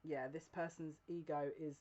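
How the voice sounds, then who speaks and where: A woman giving a casual psychic reading to her viewers. She speaks in a confiding, direct way and keeps breaking into giggles, with halting restarts. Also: low voice, steady tone, a little mellow, highs cut off. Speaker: psychic reader. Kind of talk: casual tarot-style general reading to camera.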